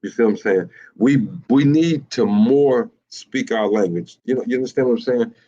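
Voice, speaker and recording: A male preacher teaches his congregation, repeating phrases and stumbling over his words. He often stops to ask his listeners whether they follow him. His medium-pitched voice comes through a dull, muffled, lo-fi recording. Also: mellow. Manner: repetitive, halting, with many fillers and rhetorical questions. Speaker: teacher of a religious group. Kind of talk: sermon-style teaching.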